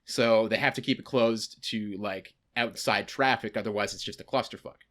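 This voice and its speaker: A man's voice: fairly low pitch, normal speed, fairly bright tone. A young man on a podcast telling a rambling, casual story, full of fillers and swearing. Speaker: podcast co-host.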